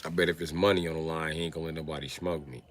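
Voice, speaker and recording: A man's voice: extremely low pitch, level tone, racing, fairly bright tone. A man ranting casually on a livestream, with profane, slangy, streetwise storytelling.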